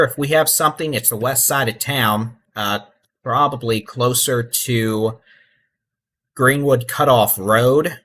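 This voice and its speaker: A middle-aged man with a drawl talks through live storm radar, easygoing and folksy. His voice sits at an ordinary pitch, and he turns urgent when he tells people to take shelter. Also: slow. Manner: relaxed, folksy, urgent warnings. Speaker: weather livestream host. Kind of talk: live severe weather commentary.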